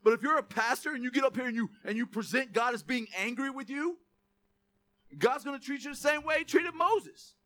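A male pastor preaches with an animated, joking manner, reading scripture aloud. His voice sits very high and sounds bright and sharp. Now and then he bursts into a shout on quoted lines. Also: a little fast. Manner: animated, jokey asides, reads scripture aloud. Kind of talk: sermon.

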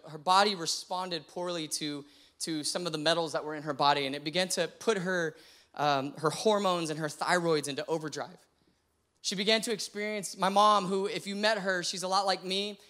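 Young guy pastor telling his own story in a sermon, earnest, voice on the higher side. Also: bright, forceful tone. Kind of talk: personal testimony sermon.

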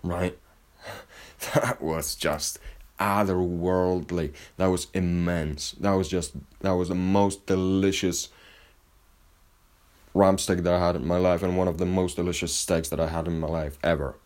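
A man's voice: low voice, flat delivery, moderate pace, darkish tone. A man telling a rambling story in a casual monologue, swearing constantly and restarting his sentences. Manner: rambling and heavily profane, with frequent restarts.

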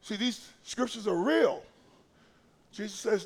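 Delivering an impassioned sermon, a middle-aged pastor with a remarkably high voice speaks at a moderate pace with lively intonation. He keeps it folksy and conversational, abruptly shouting for emphasis before falling back almost to a whisper.

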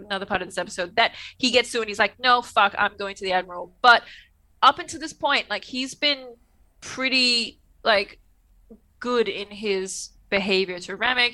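Bright-voiced woman chatting casually. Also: medium pitch, poor audio. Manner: rambling, swears freely, laughs often. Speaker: podcast co-host. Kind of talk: casual chat about a TV episode.

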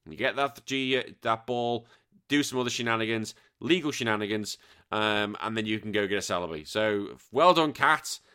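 Excitable English podcast host, bright voice. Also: male voice, on the low side, moderate pace, clean tone. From England. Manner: animated, swears freely, bursts into loud exclamations. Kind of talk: casual chat reading listener messages.

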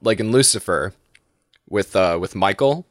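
A man's voice: on the low side, animated, moderate pace, dry recording, studio quality. A man chatting casually as a podcast host, rambling with lots of restarts and laughs. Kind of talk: casual chat.

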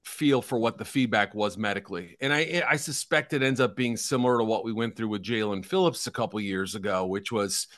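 A man's voice: on the low side, brisk, hardly any pauses, a bit bright, no room sound, studio quality. A middle-aged man co-hosting a casual football draft talk, chatty and hedging, with a self-deprecating streak. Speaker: football draft analyst co-host.

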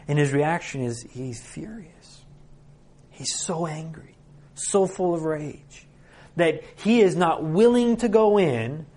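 A man's voice: on the high side, darkish tone. A man in his thirties preaching a sermon, telling the story with rhetorical questions. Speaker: pastor.

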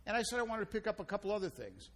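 High-voiced man hosting a food show. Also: sing-song, rapid-fire, slight background noise. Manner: folksy storytelling with playful banter. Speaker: radio show host. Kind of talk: casual radio chat.

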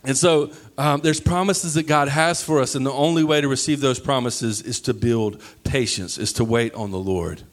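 A man in his thirties preaching a sermon, animated, sometimes breaking into high yelling as he acts out stories. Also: normal speed, few pauses. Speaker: pastor.

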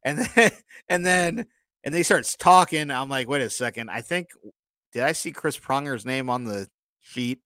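Man, casual podcast co-host, self-deprecating, rambling stories, bright tone. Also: medium pitch, animated, moderate pace, no echo. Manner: rambling storyteller, self-deprecating jokes, apologizes often. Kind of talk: casual chat.

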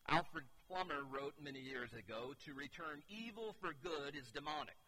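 A man in his thirties preaching a sermon as a pastor, earnest, with warm asides and moments where he drops to a hushed, intense tone. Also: fairly high pitch, lively intonation, normal speed, poor audio.

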